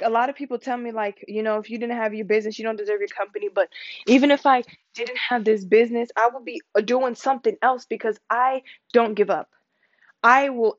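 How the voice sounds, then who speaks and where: A woman's voice: fairly high pitch, fairly bright tone, no room sound. A young woman talking candidly in a casual vlog, rambling with lots of "like" and freely swearing. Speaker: vlogger. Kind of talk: casual personal vlog monologue. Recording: dull lo-fi recording with faint noise.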